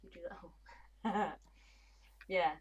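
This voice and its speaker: A woman's voice: lowish voice, slow, husky, muffled recording. A woman, chatting casually and bluntly on a gaming livestream. She swears freely and mutters to herself as she plays. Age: 20s. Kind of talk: casual livestream chat while playing.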